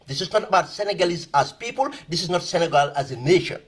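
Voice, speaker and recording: A man's voice: on the high side, lively intonation, quick pace, husky. A man giving emphatic, impassioned political commentary, repeating phrases for stress. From Gambia.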